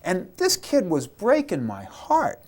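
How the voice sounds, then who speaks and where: A man, an army chaplain, telling war stories in an interview, animated and repeating words as he acts out quotes. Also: high-pitched, takes it slowly.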